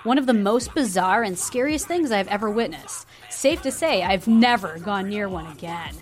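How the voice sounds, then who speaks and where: A woman's voice: medium pitch, moderate pace. A woman co-hosting a casual podcast, reading stories aloud and chatting playfully with frequent laughter. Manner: animated, laughs often, playful.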